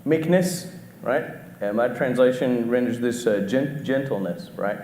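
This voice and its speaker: Male preacher, middle-aged, mid pitch, halting and question-driven delivery, roomy church reverb. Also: lively intonation, darkish tone. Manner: asks the congregation questions, halting restarts. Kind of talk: conversational sermon. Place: church auditorium. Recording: echoey hall with faint background noise.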